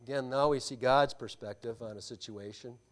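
This pastor's sermon is emphatic, full of rhetorical questions aimed at the congregation, alternating loud stresses with quiet asides. He speaks in a mid-range voice at a moderate pace.

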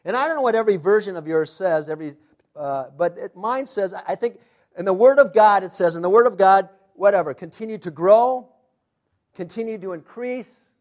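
Guy preaching, pretty high voice, keeps asking the crowd "what?", goes loud then real quiet. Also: animated, normal speed. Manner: emphatic, asks the congregation to fill in words; swings between loud emphasis and hushed, intense asides. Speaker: pastor. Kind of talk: sermon.

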